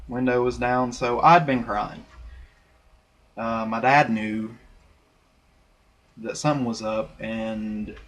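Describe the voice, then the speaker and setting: A man's voice: mid-range voice, steady tone, takes it slowly, pauses often, a bit bright. A young man recording himself on a laptop webcam, telling a personal story in a rambling, candid way full of fillers and restarts. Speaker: vlogger. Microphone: laptop webcam mic.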